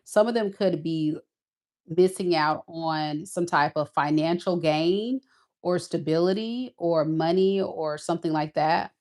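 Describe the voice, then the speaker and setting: A woman's voice: low-pitched, measured pace, a little mellow. A woman giving a casual tarot reading, talking in a blunt, sassy, emphatic way. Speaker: tarot reader.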